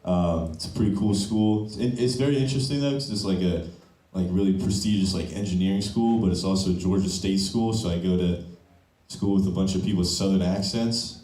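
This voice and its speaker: A man's voice: low-pitched, fairly quick, mellow. A young man doing open-mic stand-up with a loose, punchy delivery, often ending lines on "okay?", on a comedy club stage. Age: young adult. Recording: echoey room, mic from a distance.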